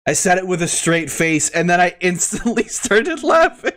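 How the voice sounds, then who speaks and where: A man's voice: high voice, big pitch swings, normal speed, a bit bright. A man streaming a video game, giving casual commentary full of crude jokes and frequent bursts of laughter. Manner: crude joking, breaks into laughter. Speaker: gaming streamer. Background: faint game music.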